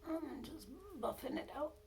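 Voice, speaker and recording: A woman's voice: high-pitched, measured pace, vocal fry, a little mellow, slight background noise. A young woman beauty vlogger telling a story in casual chat, laughing often and swearing bluntly while she does her makeup.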